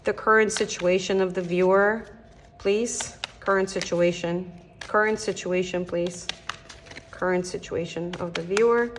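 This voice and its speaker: A young Canadian woman giving a casual tarot reading. She talks straight to the viewer in a gentle, encouraging way, thinking aloud and often restarting her sentences. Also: on the low side, fairly even intonation, a little slow, a little hiss or hum. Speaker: tarot reader.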